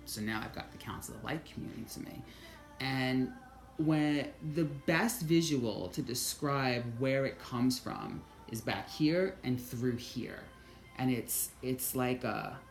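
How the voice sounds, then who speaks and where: Woman, deep voice, blunt and profane, casual spiritual storytelling, hushed to excited, faint music behind. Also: creaky, reverberant. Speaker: vlogger.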